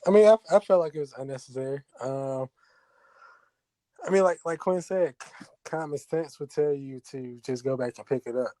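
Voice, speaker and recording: A man's voice: mid-range voice, normal speed, warm tone, dry recording. A man co-hosting a casual sports talk show, talking in a hesitant way with many restarts. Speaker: podcast co-host.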